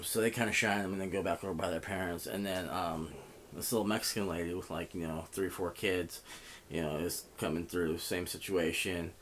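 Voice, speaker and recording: A man's voice: deep voice, fairly bright tone, a little hiss or hum. A man telling a story in a casual, rambling way, swearing often and filling gaps with "you know.". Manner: profane, rambling, heavy with fillers. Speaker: vlogger.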